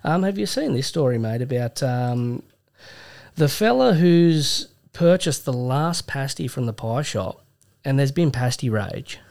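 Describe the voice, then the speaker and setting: A man's voice: mid-range voice, animated, measured pace, vocal fry, darkish tone. A young Australian man co-hosting a podcast, laid-back and swearing freely as he chats. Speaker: podcast co-host. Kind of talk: casual banter.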